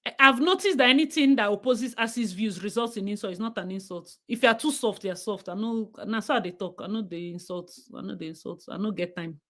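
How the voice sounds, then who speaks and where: A woman's voice: medium pitch, brisk, fairly bright tone. A young woman with a Nigerian accent, hosting a livestream and giving blunt, outspoken commentary. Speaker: livestream host.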